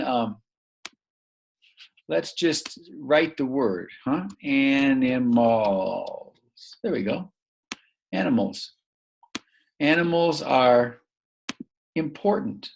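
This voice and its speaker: Man teaching a kids' english lesson, gravelly husky voice, slightly high, slow chatty questions. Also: animated. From northern United States. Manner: slow, warm-hearted, chatty, asks questions and answers them himself. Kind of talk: online lesson to young learners.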